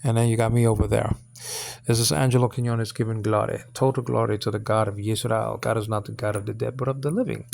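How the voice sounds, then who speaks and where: A man leads an informal Hebrew lesson on his own channel, his voice gravelly with fry. He talks haltingly, repeats himself, and keeps checking in with his listeners. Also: fairly low pitch, steady tone, a little mellow. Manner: halting, repeats words, many fillers; coaxing checks like "okay?" and "you understand?". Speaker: channel host teaching Hebrew.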